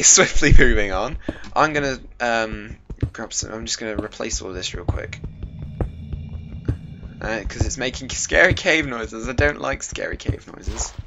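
A young adult gaming YouTuber casually commentates his gameplay, chatty and goofy, joking to himself with lively jumps in pitch. He's on a desk microphone, and the home recording sounds dull with a faint hiss.

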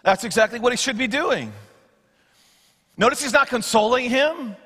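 Pastor, high bright man's voice, swings loud to soft while preaching, big church reverb. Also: normal speed, breathy edge. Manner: expository preaching, acts out Bible quotes, swings from loud to hushed. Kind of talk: sermon. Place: church sanctuary. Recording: long church hall reverb.

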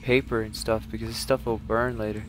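A man streaming a survival game, commenting live as he plays, cursing often and jumping from low muttering to panicked yelling. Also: flat delivery, fairly quick, background noise. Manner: swears a lot, swings from muttering to panicked yelling.

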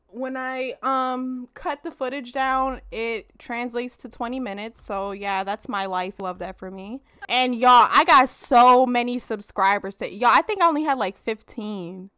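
Woman let's-play host, animated and foul-mouthed, slightly high, crisp voice. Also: no room sound, clean studio sound. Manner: animated, swears a lot, talks straight to viewers. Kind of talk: casual gameplay commentary.

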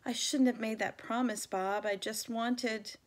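A woman voicing a tired adult male silverback gorilla, speaking in a subdued, hushed manner. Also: on the high side, steady tone, a little slow, lightly acted.

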